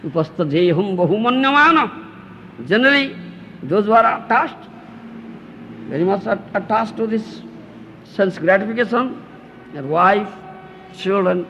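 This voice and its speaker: Animated gravelly man preaching. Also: sits high. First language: not English. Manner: lively and teasing, acts out the attached householder, asks rhetorical questions. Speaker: spiritual teacher. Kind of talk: scripture lecture with Q&A. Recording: dull lo-fi 1992 lecture tape, faint hiss.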